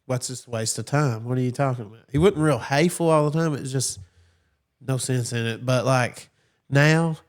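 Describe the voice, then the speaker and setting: Man, casual podcast chat, loose rambling storyteller, average pitch. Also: normal speed. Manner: laid-back storytelling, drawled filler words. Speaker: podcast co-host.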